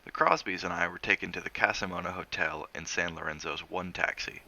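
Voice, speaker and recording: Deep, gravelly man reading a novel. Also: pushed and bright. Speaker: reader of a novel on a stream.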